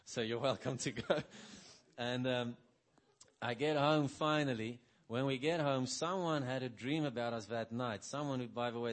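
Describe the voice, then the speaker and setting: In a testimony-filled sermon, the middle-aged man talks casually, repeatedly checking in with "right?" His voice softens and lowers as he repeats things he once said.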